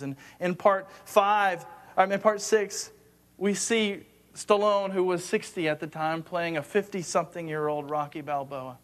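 Earnest preacher, male, high voice, conversational sermon that drops to hushed tones, repeats words mid-thought.

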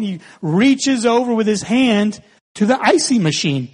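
A man in his forties, a pastor giving a conversational, humorous sermon with animated storytelling in a church sanctuary. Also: sits high, normal speed. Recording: long reverb hall.

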